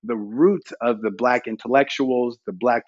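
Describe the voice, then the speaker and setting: A man's voice: mid-range voice, fairly even intonation, measured pace, dry recording, highs cut off. A man from the American South, speaking as a guest on a panel in a candid, emphatic, conversational way. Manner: candid, emphatic, conversational with frequent "you know".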